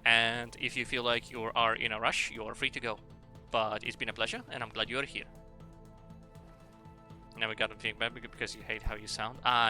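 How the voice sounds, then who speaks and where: Male streamer, sweary rambling chatter, very bright voice, faint music behind. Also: mid-range voice. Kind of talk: casual chat while gaming.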